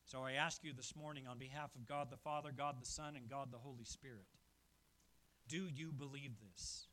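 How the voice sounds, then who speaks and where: A male pastor preaching a sermon at a church service, emphatic and swinging from quiet passages to loud ones. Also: medium pitch, steady tone, normal speed.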